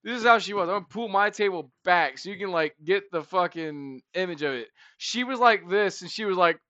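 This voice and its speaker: A young man co-hosting a podcast, telling stories in a loud, animated, profane way. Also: high-pitched, a little fast, no room sound, highs cut off. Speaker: podcast co-host. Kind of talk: casual chat. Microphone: podcast mic.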